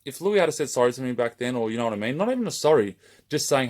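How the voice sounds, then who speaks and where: A man's voice: mid-range voice, very animated, fast, darkish tone. A man running a raffle page, delivering a heated, rambling open-letter rant straight to camera and swearing constantly.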